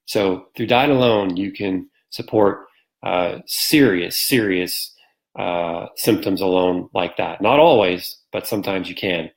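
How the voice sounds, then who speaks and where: A man's voice: low-pitched, unhurried, gravelly, rough recording. A man hosting a live stream, chatting casually and answering viewer comments, rambling with many ums and restarts and acting out quotes in a livelier voice.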